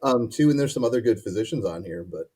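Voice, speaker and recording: An easygoing man from Ohio co-hosts a relaxed live-stream chat and talks plainly. His low voice is mellow and a little husky. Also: fast. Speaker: co-host.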